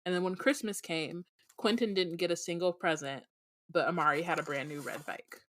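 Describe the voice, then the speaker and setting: Bright-voiced woman podcast host. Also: fairly low pitch, moderate pace. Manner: chatty, many fillers, laughs often. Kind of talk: casual book discussion.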